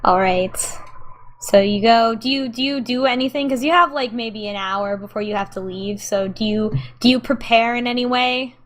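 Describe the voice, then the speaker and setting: A woman's voice: a little high, normal speed. A woman narrating as game master in a tabletop role-playing game, rambling and hesitant.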